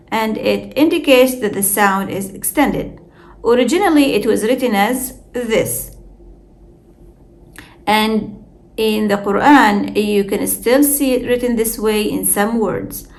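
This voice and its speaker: Slow, careful woman teaching Arabic. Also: on the high side, a little mellow. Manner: careful, deliberate explanations with spoken examples. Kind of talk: slow scripted lesson narration.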